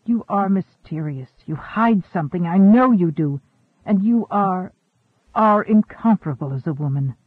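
A man reads an earnest young man under thirty, pleading and stammering in desperation. His voice sits high and comes through a tinny, phone-like band. The sound is dry. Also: normal speed, no echo. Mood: desperate. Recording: tinny narrow-band recording.

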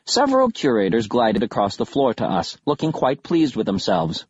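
A man narrates a comic adventure audiobook with an animated, swinging delivery and wry deadpan asides. His voice is husky at a middle pitch. The recording is dry and a bit lo-fi. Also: normal speed, no echo. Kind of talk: scripted narration, comic first-person storytelling.

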